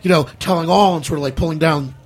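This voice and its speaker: A man's voice: fairly high pitch, quick pace, husky. A man co-hosting a casual studio chat, rambling and emphatic, with a joking manner. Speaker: podcast co-host.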